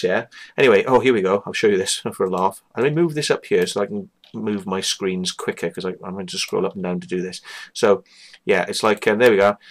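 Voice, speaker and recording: A man hosting his own show, ranting casually with lots of swearing, scorn and rambling asides. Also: lowish voice. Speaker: host. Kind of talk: casual profane rant.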